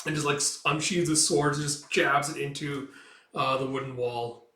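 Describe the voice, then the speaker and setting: Man narrating a comic, casual, slightly high voice, roomy room, distant mic. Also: steady tone, moderate pace, sharp tone. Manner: loose, filler-heavy retelling with sound effects. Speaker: comic reader. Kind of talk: casual read-through narration.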